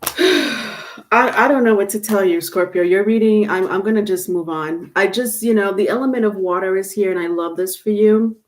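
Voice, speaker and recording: A woman hosts a live tarot reading, speaking at medium pitch and a moderate pace. Chatty and repetitive, she laughs often while greeting viewers during the livestream reading and chat.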